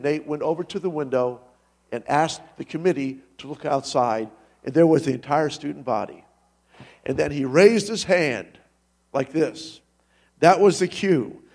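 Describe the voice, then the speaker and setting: A man preaching a sermon in a church, telling a story with animated delivery and sudden loud rises. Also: on the high side. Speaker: pastor.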